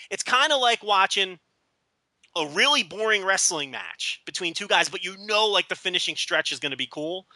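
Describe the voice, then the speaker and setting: A man's voice: high voice, sharp tone, no room sound. A man co-hosting a podcast, chatting casually and rambling, with lots of stammered restarts and mocking asides. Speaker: podcast co-host.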